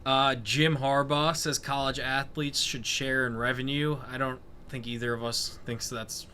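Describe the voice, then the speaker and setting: A man's voice: mid-range voice, flat delivery, unhurried, sharp tone, slight background noise. A man co-hosting a casual sports podcast, bringing up news items and cracking jokes. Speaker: podcast co-host.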